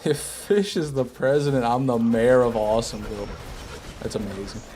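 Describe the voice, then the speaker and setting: A man's voice: medium pitch, moderate pace, background noise. A man streaming a video game, chatting casually with his viewers, joking and poking fun at himself. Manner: chatty, answers chat, jokey and self-deprecating. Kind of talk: casual gaming stream commentary.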